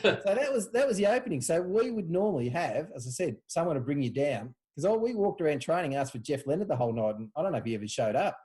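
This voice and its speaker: He's a fast talker with a fairly high pitch: an Australian podcast guest and former club footballer telling old club stories in casual conversation. As an animated storyteller, he acts out quotes in a raised voice.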